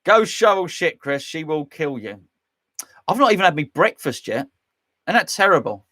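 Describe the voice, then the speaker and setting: Man, host, casual live-stream chat, rambling, jokey, a bit higher-pitched voice. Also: sing-song, moderate pace, sharp tone. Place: home man cave.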